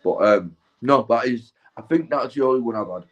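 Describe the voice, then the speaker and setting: A young man in the middle of a loose, meandering tale, clearly high. His talk is sweary and casual, full of restarts and constant little asides to the listener. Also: fairly quick, muffled recording. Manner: sweary, keeps tagging "right?" and "mate". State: stoned. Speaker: vlogger. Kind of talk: rambling casual storytelling.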